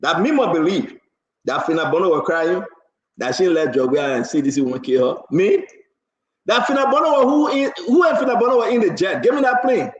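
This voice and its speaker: Excitable man hosting a talk show. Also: sits high, brisk. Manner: excitable, laughing, repeats words, mocking. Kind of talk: animated political talk show. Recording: roomy, dull lo-fi sound.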